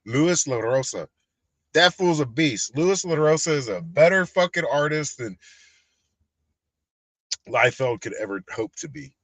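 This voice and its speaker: A man, high and ranting with heavy profanity in a casual livestream about collectibles and prices. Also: lively intonation, a little slow, long pauses, a bit bright, dry recording. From Texas. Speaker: collectibles channel host.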